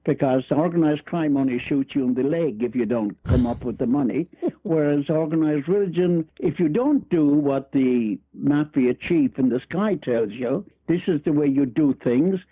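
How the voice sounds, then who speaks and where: A man's voice: on the high side, lively intonation, moderate pace, breathy edge, no echo. An older Irish man, a guest author, telling rambling, humorous stories with frequent restarts and chuckles. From Ireland. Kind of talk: storytelling interview chat. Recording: tinny phone-line radio audio.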